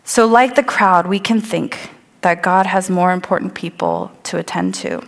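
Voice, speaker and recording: A woman's voice: on the low side, normal speed, creaky. A woman preaching a sermon, telling the scripture scene vividly and acting out the voices of the crowd. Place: church sanctuary. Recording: long hall reverb.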